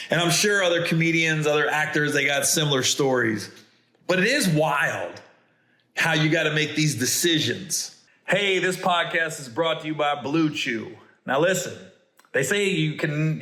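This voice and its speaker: A middle-aged man, a comedian hosting a podcast, telling stories and reading ads in a playful, animated way with stammering restarts. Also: fairly high pitch. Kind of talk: casual storytelling and ad reads. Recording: roomy echo.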